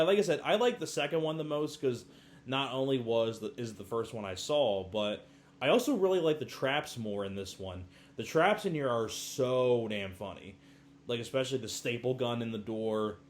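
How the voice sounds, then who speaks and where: A man chatting through a movie review in a relaxed, rambling way, often laughing. His pitch sits in the middle, with a faint hiss of background noise behind him. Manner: chatty, laughs often, acts out film quotes.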